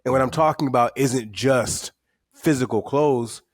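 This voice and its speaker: A middle-aged man, a guest author telling stories with candid, animated energy on a podcast. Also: medium pitch, moderate pace, no echo. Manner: candid, animated storytelling with repeated words. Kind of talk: podcast interview.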